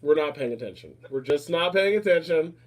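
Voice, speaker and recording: Fast-talking flamboyant man. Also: fairly high pitch, animated. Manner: fast, flamboyant, repeats phrases, calls people darling. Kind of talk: casual chat.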